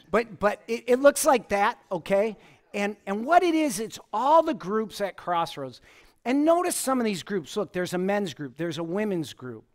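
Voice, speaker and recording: A male pastor preaching a relaxed, story-driven sermon at a church service. His voice sits a little high for a man and swings up and down with lively intonation. He often chuckles and restarts his sentences as he talks. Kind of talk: conversational sermon with personal stories.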